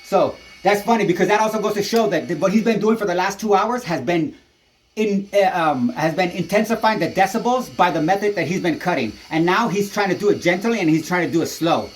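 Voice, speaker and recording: In this angry ranting vlog, a man filming his neighbor on a handheld camera swears constantly and jumps from point to point in agitation. He talks fairly quickly in a high-pitched voice, with slight background noise.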